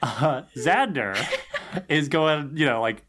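A man co-hosting a casual TV recap chat, animated and laughing as he talks. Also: a little high, takes it slowly. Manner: animated, laughing, quoting characters. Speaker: podcast co-host.

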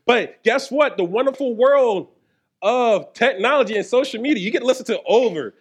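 A man's voice: very high voice, animated, normal speed, husky. A man pastor giving a conversational sermon, joking and talking straight to the congregation. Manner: playful, joking, addresses the congregation directly.

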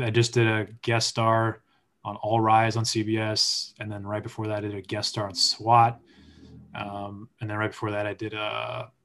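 A man's voice: on the low side, fairly bright tone. A man, an actor, co-hosting a casual podcast and talking loosely with many fillers. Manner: rambling, filler-heavy. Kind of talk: casual chat.

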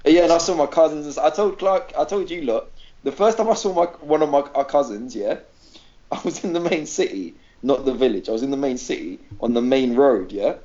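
A man's voice: mid-range voice, fairly quick, muffled recording. A man co-hosting a podcast, telling a funny story in casual chat, acting out voices and laughing often. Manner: animated, acts out quoted voices, laughs often. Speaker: podcast co-host.

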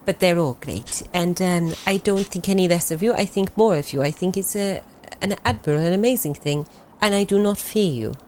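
A woman playing a kind, motherly woman adventurer who speaks gently and coaxingly, with little restarts. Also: fairly low pitch, slight background noise, pitched below the performer's own voice, close to an everyday voice, low-quality recording. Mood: tender.

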